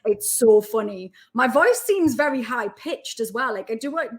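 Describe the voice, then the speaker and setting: A woman's voice: on the high side, expressive, normal speed. A woman in her thirties with a Geordie accent, chatting as a podcast guest in a rambling, chatty way with lots of asides. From Newcastle, England. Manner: chatty, rambling, filler-heavy with many asides. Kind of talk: casual podcast chat.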